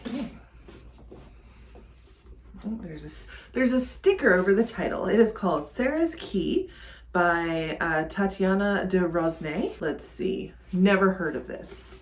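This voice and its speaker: A woman's voice: fairly low pitch, lively intonation, unhurried. A woman chatting casually in a book vlog, thinking aloud with frequent ums. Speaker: book vlogger. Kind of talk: casual reading vlog chat.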